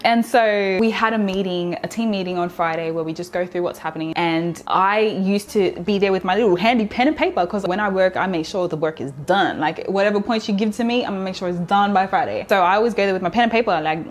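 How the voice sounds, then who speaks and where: A woman, telling a workplace story to camera in a candid, animated way and laughing as she goes. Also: medium pitch. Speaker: vlogger.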